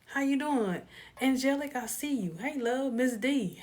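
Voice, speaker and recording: A woman's voice: sits high, expressive, unhurried, a little mellow. A woman hosting a casual live stream, greeting viewers one by one and sharing motivational thoughts in a tired, laid-back way. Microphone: phone.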